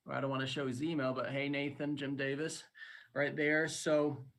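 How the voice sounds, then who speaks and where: A man addressing fans in a promotional video, rambling and excitable, stumbling over fillers and restarts. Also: medium pitch, normal speed. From Canada. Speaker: restaurant founder in a played video.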